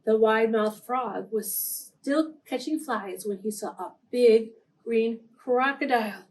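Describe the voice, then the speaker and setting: Slow gentle lady doing story time for little kids, a bit high, keeps asking them questions. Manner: gentle, asks the children questions. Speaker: children's story time reader. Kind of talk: reading picture books aloud to preschoolers.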